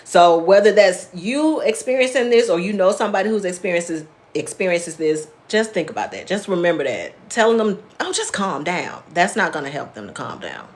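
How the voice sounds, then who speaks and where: A woman's voice: on the low side, lively intonation, fairly quick, few pauses. A woman therapist hosting a live wellness class, explaining in a plainspoken, conversational way and answering viewers' comments by name. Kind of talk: casual live-stream teaching.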